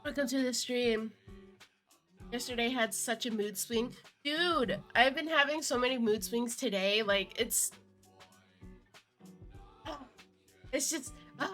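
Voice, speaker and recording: A young woman streaming live, chatting casually to viewers, giggly and excitable, with a cold and chewing cough drops. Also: a little high. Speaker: VTuber streamer.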